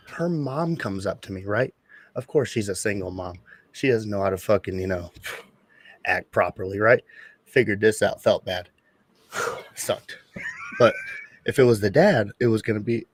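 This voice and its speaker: A man's voice: fairly low pitch, no room sound. Blunt, profane man telling a story. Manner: blunt, profane, animated retelling. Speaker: podcast co-host and father. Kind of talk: casual chat, storytelling.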